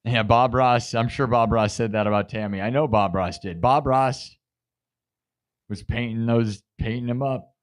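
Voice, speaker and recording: A man's voice: medium pitch, normal speed. A man hosting a live music stream, chatting casually, goofing around and reading viewer comments aloud. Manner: goofy, joking, reads viewer comments aloud. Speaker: livestream host and improvising musician. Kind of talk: casual livestream chat.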